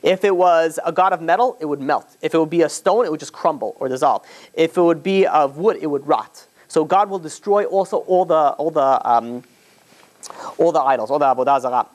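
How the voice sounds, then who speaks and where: Speaking briskly in a fairly high voice, this man teaches as a rabbi and recounts a story to his class in a loose, chatty way. He keeps restarting, goes off on asides, says "you know" a lot, and performs the quoted lines.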